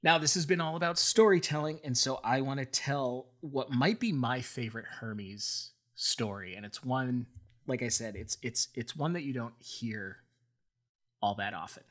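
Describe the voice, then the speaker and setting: A man's voice: medium pitch, moderate pace, a bit bright. A man co-hosting a podcast, retelling myths in a casual, playful way. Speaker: podcast co-host. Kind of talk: casual storytelling.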